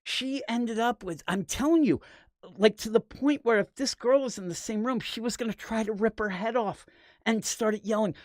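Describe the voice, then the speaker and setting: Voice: medium pitch, normal speed, no echo, clean studio sound. A comics podcast host telling a long rambling story in casual chat, swearing freely. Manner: rambling, animated, profane storytelling.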